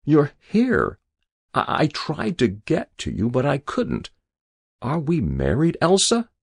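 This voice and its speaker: A man's voice: a little high, huge pitch swings, slow, creaky, slightly rough, no echo, clean studio sound, pitched above the performer's own voice, heavily acted. A man reading an audiobook voices an elderly sick man waking in a hospital bed, weak and confused.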